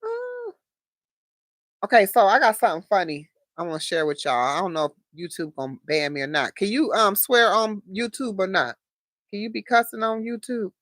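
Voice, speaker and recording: A woman's voice: medium pitch, brisk, a bit bright, no room sound, clean studio sound. A woman hosting a casual live stream, chatting straight to her viewers and laughing often. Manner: laughs often, talks to chat directly. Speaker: livestream host.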